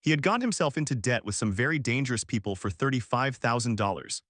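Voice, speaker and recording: A man reading a first-person family drama story aloud in a calm, even narrating voice. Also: medium pitch, fast talker, no echo, clean studio sound.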